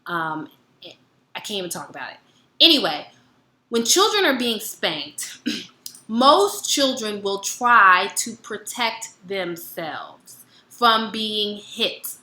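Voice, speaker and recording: A woman's voice: medium pitch, takes it slowly, roomy sound. A woman giving a casual wellness lesson, telling personal stories and acting out both sides of conversations. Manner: animated, acts out both sides of dialogues. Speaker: wellness educator.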